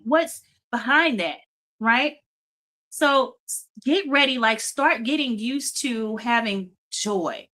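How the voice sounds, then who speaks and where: A woman's voice: on the high side, slow, sharp tone. A woman hosting a faith-based motivational talk show, speaking emphatically and repeating phrases for emphasis. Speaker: host.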